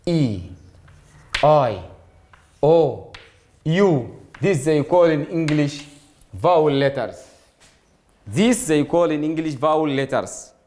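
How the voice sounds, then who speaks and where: A man teaching an English grammar lesson to students, explaining slowly and repeating words, with Arabic as his first language. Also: on the high side, a little mellow. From Sudan. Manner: slow, repetitive explaining, addresses students directly.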